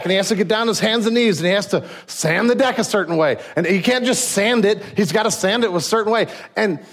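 A man's voice: high-pitched, a little fast. A man preaching a sermon in a church, telling stories animatedly with frequent restarts. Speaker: pastor.

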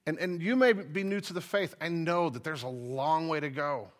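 A man's voice: a little high, moderate pace. A man giving a sermon as a pastor, speaking in a casual, chatty way with plenty of fillers.

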